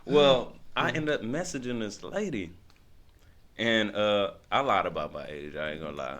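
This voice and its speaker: A man's voice: fairly low pitch, normal speed, a crowd in the background. A man telling a long story in casual chat, laughing often and acting out what others said. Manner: animated, laughing, acts out quoted lines. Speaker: podcast guest.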